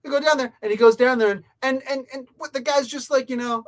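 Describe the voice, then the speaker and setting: A man's voice: very high-pitched, quick pace. A man hosting a comic book review channel, giving a heated, rambling opinion rant straight to his viewers.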